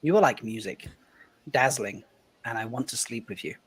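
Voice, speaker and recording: A man's voice: medium pitch, normal speed, slightly rough. A man hosting a casual online chat, reading silly pickup lines aloud and breaking into laughter between them. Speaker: podcast host.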